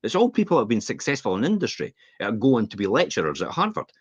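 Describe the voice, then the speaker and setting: Scottish male podcast host, opinionated and animated, husky, dull lo-fi sound. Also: mid-range voice, fast talker, no echo. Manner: opinionated, animated, laughs while ranting. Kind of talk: casual podcast chat.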